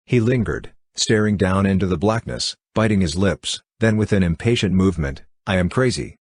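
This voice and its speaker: An audiobook narrator reads an old novel in a deep, husky voice, keeping his scripted narration even and measured. He voices the dialogue only lightly, and the recording is dry and close.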